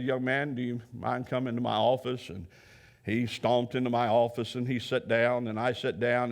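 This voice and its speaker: Man, counselor, earnest storytelling, repeated restarts, mid-pitched voice. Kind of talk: storytelling talk.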